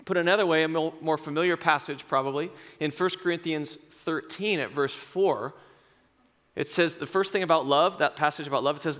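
A male pastor preaching a sermon in a conversational, self-deprecating way, slowing down for emphatic phrases. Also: a little high, steady tone, a bit bright. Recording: long reverb in a large hall.

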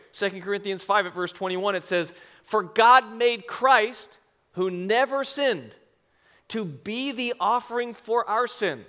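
A man preaches to a congregation in a high, bright voice. He tells his story with big swings between hushed asides and shouted lines, acting out every quote. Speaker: pastor. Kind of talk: sermon with personal story. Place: church service before a congregation.

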